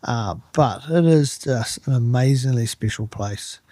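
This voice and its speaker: A middle-aged man with a New Zealand accent, telling lively stories in a casual chat and acting out the people in them. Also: mid-range voice, a little slow, dry recording. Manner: animated anecdotes, acts out other people's voices. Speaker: guest, turf manager.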